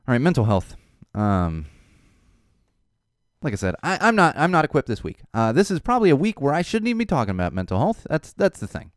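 A man hosting his own show, talking in an animated, emphatic monologue. When he gets upset he repeats words. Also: mid-range voice, no echo, clean studio sound. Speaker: show host. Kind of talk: casual monologue.

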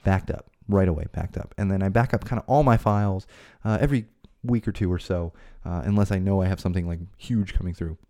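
A man's voice: sits low, fast talker, warm tone. A man hosting his own podcast, chatting casually with jokey asides and rambling restarts. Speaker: podcast host. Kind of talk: casual solo podcast talk. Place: home studio.

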